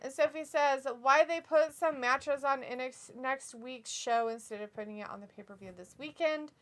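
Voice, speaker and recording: A woman co-hosting a live wrestling watch-along, chatting casually, laughing a lot and reading viewer comments aloud with animated reactions. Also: high-pitched, moderate pace. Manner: giggly and animated, often laughing and reacting loudly.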